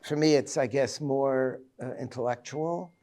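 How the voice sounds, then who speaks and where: A man in his seventies, a rabbi giving a reflective Tisha B'Av lecture, telling personal stories in a halting way. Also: mid-range voice, fairly even intonation, warm tone. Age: 70s.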